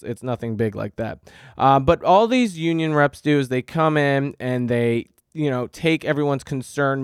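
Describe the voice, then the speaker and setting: A man's voice: medium pitch, clean tone, dry recording, studio quality. A man hosting a podcast, ranting in an agitated, profane monologue. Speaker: podcast host.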